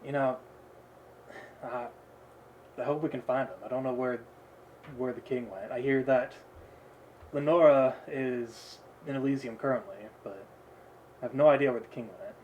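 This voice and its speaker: A man voicing an easygoing, friendly male companion in a quiet, slightly lower voice. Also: moderate pace, pauses often, a little hiss or hum, lightly acted.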